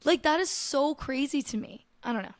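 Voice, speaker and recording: A young woman with a slightly high voice chats solo on her podcast, filling every sentence with "like" and cheerful swearing. She gushes dramatically about her shows and hops between topics. The sound is dry and close, with no room around her. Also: expressive, no room sound. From United States. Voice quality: chatty, profane, filler-heavy with lots of "like". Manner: gushing and dramatic about TV, quick asides. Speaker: podcast host. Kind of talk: casual solo chat.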